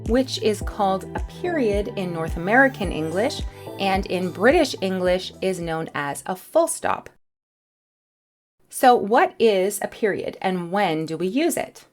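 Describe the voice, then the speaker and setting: A woman teaching a beginner English lesson, speaking in a clear, careful way. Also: medium pitch, lively intonation, a little slow, over music.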